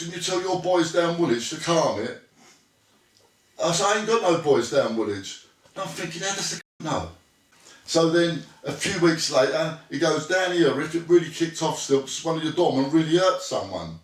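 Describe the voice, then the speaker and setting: A man, a former bouncer, telling a rough story bluntly, acting out what was said and swearing freely. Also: fairly high pitch, recorded from a distance. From Britain. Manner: blunt, swearing, acts out quoted dialogue. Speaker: former bouncer, interview guest. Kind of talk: storytelling anecdote. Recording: echoey room, voice a bit off-mic.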